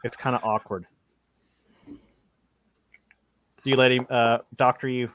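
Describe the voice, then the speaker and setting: A man's voice: medium pitch, flat delivery, a bit bright. Casual man running a tabletop game. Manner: casual, laughing, voices characters in quick bursts. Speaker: game master. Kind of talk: narrating a tabletop game live.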